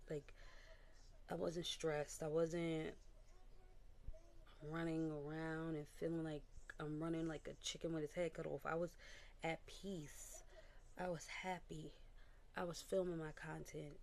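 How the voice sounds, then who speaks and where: A woman with a low, deep voice speaks straight to the camera in a personal video diary. She talks in a confiding, emotional way and keeps circling back over the same phrases as she tells her testimony. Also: a little hiss or hum. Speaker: vlogger.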